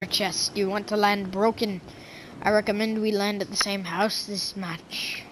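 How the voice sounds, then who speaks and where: A woman voicing a gruff male pirate, growling "arg" and "matey" in a hoarse, raspy voice while gaming. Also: mid-range voice, little pitch movement, a little slow, slight background noise, close to an everyday voice, rough recording. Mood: scheming. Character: gruff adult male pirate, gamer sidekick.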